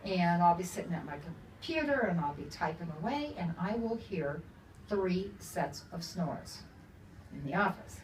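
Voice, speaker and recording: A woman's voice: lowish voice, animated, measured pace, a little hiss or hum. Older woman author chatting in a roomy store. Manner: chatty, laughs often. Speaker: author at a book talk. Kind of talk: casual storytelling to an audience. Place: bookstore event room. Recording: roomy, from a distance, faint ambience.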